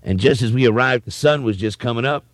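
A man's voice: medium pitch, quick pace, no room sound. A man telling a rowdy story from his past, with vivid sound effects. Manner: lively yarn-spinner with sound effects. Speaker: interviewee. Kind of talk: animated storytelling.

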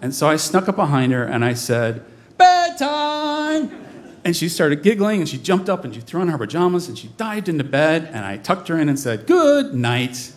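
Lively comic male storyteller. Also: on the high side, quick pace, hardly any pauses. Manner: comic, animated, mimics voices in quotes. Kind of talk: live storytelling performance. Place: stage before an audience.

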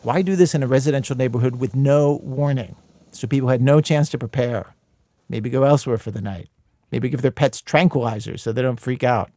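A man's voice: mid-range voice, fairly quick, dark tone, no room sound. A man hosting a radio show, narrating in a wry, conversational way from a studio mic.

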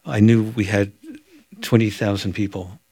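A fire chief, a man with a low voice, recounts what he lived through in a measured, halting manner. The sound is dry, with no room around it. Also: little pitch movement, warm tone, breathy edge, dry recording. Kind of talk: recounting in a broadcast interview.

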